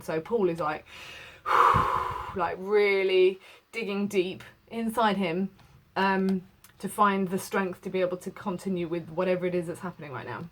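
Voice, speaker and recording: A woman teaching literature, reading a novel aloud and explaining it casually, asking listeners to highlight key passages. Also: moderate pace, fairly bright tone.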